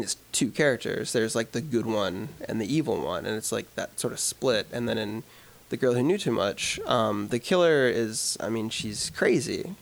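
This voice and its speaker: Man, creaky voice, mid pitch, podcast co-host, earnest, searching for words. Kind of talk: casual film discussion.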